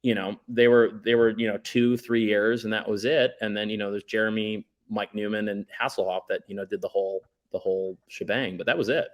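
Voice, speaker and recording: A man's voice: lowish voice, steady tone, brisk, few pauses. A man chatting casually on a podcast as a guest, telling stories in a laid-back, rambling way with lots of fillers. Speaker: guest, documentary writer and director.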